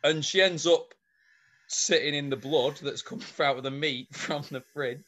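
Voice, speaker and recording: Man, co-host, casual storytelling, slightly high voice, laughs a lot. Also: normal speed. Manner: laughing, animated retelling with swearing. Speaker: podcast co-host.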